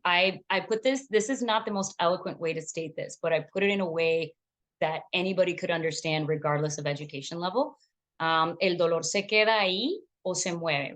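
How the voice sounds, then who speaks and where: A woman physician giving a lecture on back pain with slides, explaining clearly and mixing in Spanish phrases for patients. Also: lowish voice, fairly bright tone. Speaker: physician teaching medical Spanish.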